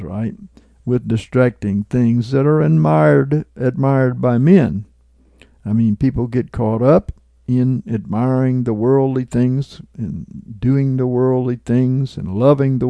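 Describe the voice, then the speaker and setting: A man's voice: medium pitch, warm tone, no echo. A man preaching informally as he retells a dream and explains it, checking in with listeners and chuckling at his own remarks. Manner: conversational, checks in with listeners with "right?" and "okay?".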